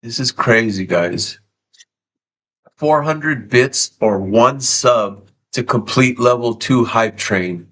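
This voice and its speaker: A man's voice: medium pitch, slow, fairly bright tone. Tearful male streamer, emotional and repetitive. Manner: emotional, swearing, repeats himself. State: tearful, sniffling. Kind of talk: casual live stream chat.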